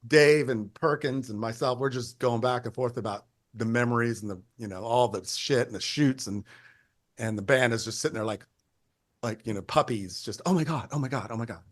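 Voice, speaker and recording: An older man, a photographer, telling stories in an interview in a rambling, animated way, acting out the people he quotes and often restarting his sentences. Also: mid-range voice, moderate pace, no room sound, clean studio sound. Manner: animated, acts out quoted voices. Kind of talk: conversational storytelling.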